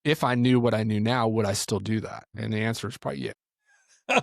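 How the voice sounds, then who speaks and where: A pastor and ministry teacher tells stories in a podcast conversation, animatedly acting out what people said. His fairly low voice is brisk and creaky, recorded in a clean studio with no echo.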